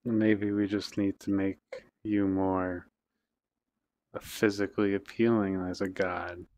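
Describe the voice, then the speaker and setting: A man asking deadpan, low-key questions as a fellow player in a comedy bit. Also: slow pace, dry recording.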